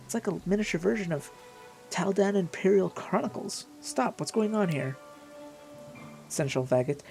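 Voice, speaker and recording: A host talking casually over gameplay, chatty and amused, with quick asides. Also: mid-range voice, vocal fry, darkish tone, faint music behind. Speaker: let's play host.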